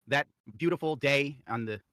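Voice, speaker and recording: A man guesting on a casual stream, joking with deadpan irony. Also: mid-range voice, moderate pace, no room sound, clean studio sound. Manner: deadpan ironic humor. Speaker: guest commentator. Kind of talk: casual chat.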